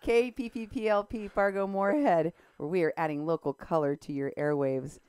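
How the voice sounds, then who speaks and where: A woman's voice: on the low side, fairly even intonation, moderate pace, a little mellow, smooth, dry recording. A woman co-hosting a talk radio interview in a studio, speaking in an impassioned, emphatic way. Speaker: radio show co-host.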